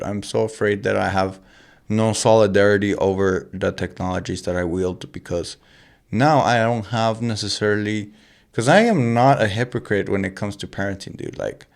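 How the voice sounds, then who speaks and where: A man's voice: lowish voice, moderate pace, vocal fry. A man in casual podcast chat who stumbles over his words with repeated restarts and keeps calling his friend dude.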